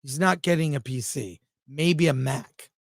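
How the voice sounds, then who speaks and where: A man's voice: fairly high pitch, measured pace, gravelly, dry recording. A man co-hosting a casual livestream film review show, blunt and jokey, reading viewer comments aloud. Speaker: film critic co-host.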